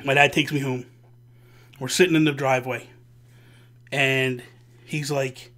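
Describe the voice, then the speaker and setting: Bright, animated male storyteller. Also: mid-range voice, unhurried, pauses often. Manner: animated, profane and dramatic. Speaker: host. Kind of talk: casual storytelling.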